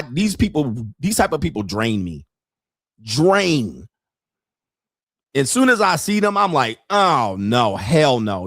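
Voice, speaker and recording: Male podcast host, mid-pitched, dry close sound; blunt, profane, mocking rant delivery. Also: fairly bright tone, no room sound. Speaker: podcast host and dating commentator.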